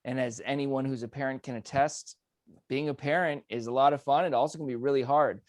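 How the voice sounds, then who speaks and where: A man answers a host's questions with sincerity, leaning on "you know" and "uh" as he thinks. His voice is mid-pitched and sounds close and dry. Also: steady tone, fairly quick, no room sound. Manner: earnest, with fillers. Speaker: speech contest contestant. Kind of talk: casual interview answers.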